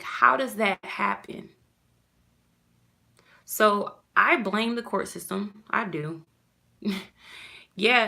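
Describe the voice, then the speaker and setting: Mom ranting to her camera, slow and gravelly, kinda low voice, lots of "you know"s. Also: bright, forceful tone. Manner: heartfelt, rambling, with many "you know" fillers. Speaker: mother vlogging about her custody loss. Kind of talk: casual personal rant to camera.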